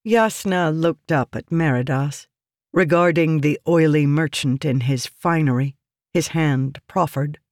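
Higher-voiced man reading a fantasy audiobook. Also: unhurried, no room sound, studio quality. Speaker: narrator.

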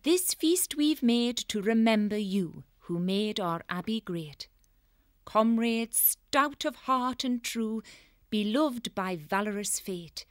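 A man's voice: high voice, lively intonation, slow pace, a bit bright, clear, resonant tone, dry recording, studio quality, voice pushed up, heavily acted. A man voicing a stern but kindly old female abbess creature in a storybook reading, with a solemn, ceremonial manner. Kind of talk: audiobook character voice.

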